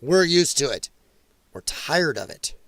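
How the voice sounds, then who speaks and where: A man's voice: a little high, big pitch swings, measured pace, fairly bright tone, no room sound, studio quality. A man hosting a commentary show, reacting to clips in an emphatic, repetitive, angry rant.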